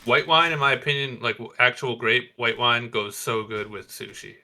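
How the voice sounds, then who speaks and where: A man's voice: mid-range voice, steady tone, moderate pace, pushed and bright. A man chatting casually on a podcast, joking and teasing his co-host and laughing often.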